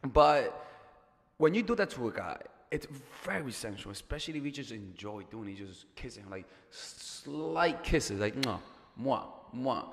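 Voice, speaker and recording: A man's voice: medium pitch, expressive, normal speed, creaky, big-room sound, a little hiss or hum. A man giving casual dating advice as a coach, chatty and profane, repeating words and joking as he goes.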